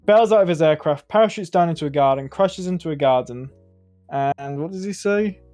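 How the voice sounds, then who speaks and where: Man retelling film scenes, giggly, higher voice, faint music behind. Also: fairly quick, mellow. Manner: laughing, retelling film scenes with quoted lines. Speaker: podcast co-host. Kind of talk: casual podcast chat.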